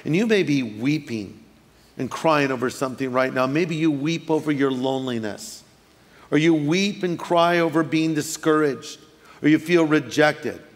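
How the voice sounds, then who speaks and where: A middle-aged pastor delivers his sermon in a fairly high voice. He keeps it animated, slipping into quick acted voices for his stories. A long reverb trails each phrase, as in a large hall. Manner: animated storytelling, acting out quick voices for effect.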